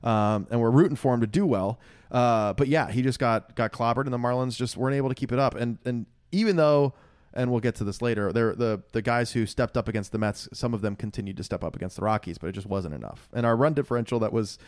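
A man co-hosting a casual sports podcast, rambling through an animated story with lots of fillers and laughs. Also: medium pitch, fast talker, smooth, no room sound, studio quality. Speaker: podcast co-host.

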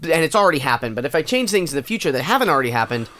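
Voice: medium pitch, sing-song, racing, sharp tone, no echo. A podcast co-host in casual chat, goofy and rambling, often trailing off and restarting.

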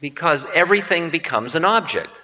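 A man's voice: fairly high pitch, expressive, a little fast, sharp tone. A man giving a humorous spiritual lecture in a musing, wry, self-mocking way. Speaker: spiritual teacher. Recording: dull lo-fi tape in reverberant hall.

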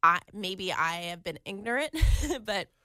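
A podcast co-host with a mid-range voice chats casually despite a sore throat and a cold, rambling along with lots of "like" fillers. She sounds lively in pitch but a touch slow, with a sharp edge to her tone, and the recording is clean studio audio with no room sound.

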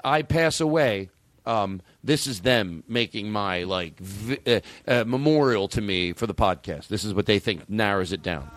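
A man's voice: fairly low pitch, normal speed, a bit bright, dry recording. A middle-aged man hosting a comedy podcast, rambling and self-interrupting in casual, profane banter. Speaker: podcast host. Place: podcast studio.

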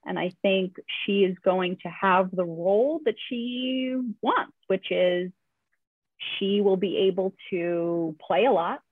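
A woman's voice: mid-range voice, slow, breathy edge, no room sound. A woman talking as a podcast guest in casual chat, chatty with frequent restarts and fillers. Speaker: podcast guest, basketball writer. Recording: tinny phone-like remote line, dry.

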